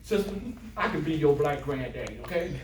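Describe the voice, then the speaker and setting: A man's voice: on the high side, animated, a little fast, echoey room, a little hiss or hum. Older male motivational speaker, storyteller with jokes, room sound from a distance. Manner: storytelling, plays voices in quotes, jokes with audience. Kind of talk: motivational talk with jokes and stories. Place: classroom of adult students.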